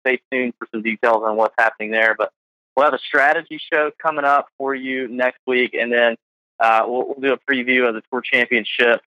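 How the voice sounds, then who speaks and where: A man hosts a casual podcast with a bright, forceful voice. He rambles along with plenty of fillers. The sound is dry and slightly dull. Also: mid-range voice, no room sound. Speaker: podcast host.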